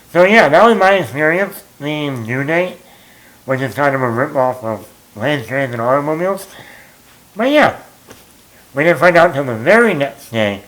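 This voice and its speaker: A man's voice: mid-range voice, fairly bright tone, low-quality recording. Rambling self-mocking male movie vlogger. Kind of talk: casual storytelling.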